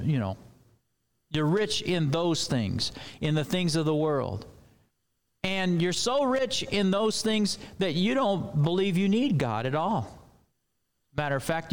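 A man preaching a sermon in a loose, conversational way with rambling asides. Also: fairly high pitch.

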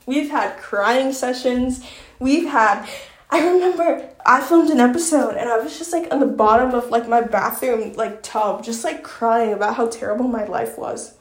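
A woman's voice: on the high side, moderate pace, echoey room. A woman with a Southern accent hosting her own podcast, chatting in an effusive, filler-heavy way and reading aloud from her book. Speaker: podcast host.

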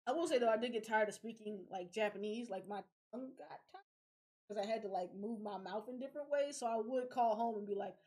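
High-pitched animated young woman. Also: brisk. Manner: animated, profane, laughs often. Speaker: podcast host. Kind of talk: casual chat.

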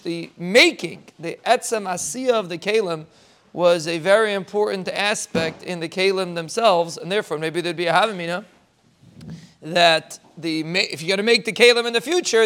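Man w/ doing a torah thought, high smooth voice, talks it through. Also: fairly bright tone. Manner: explains step by step, ends in a fast rising string of blessings. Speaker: rabbi giving a short Torah thought. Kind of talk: informal Torah talk.

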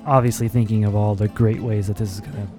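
A man's voice: on the low side, flat delivery. Easygoing male game master. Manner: laughs easily, halting with ums. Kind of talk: narrating a tabletop game. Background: music.

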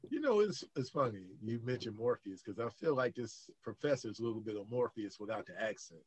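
A man's voice: medium pitch, lively intonation, brisk, slightly rough. A man co-hosting a casual movie podcast, easygoing and joking as he acts out quotes. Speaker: podcast co-host.

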